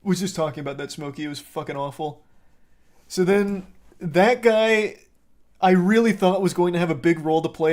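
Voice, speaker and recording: A young man streaming, recapping a film in a sarcastic, profane, rambling way. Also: on the high side. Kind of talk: casual chat.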